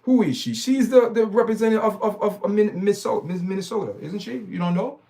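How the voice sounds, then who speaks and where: A man's voice: high-pitched, quick pace, vocal fry, dark tone. A man hosting his own stream, giving preachy, emphatic commentary full of repeated words and restarts. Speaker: channel host. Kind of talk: opinionated commentary livestream.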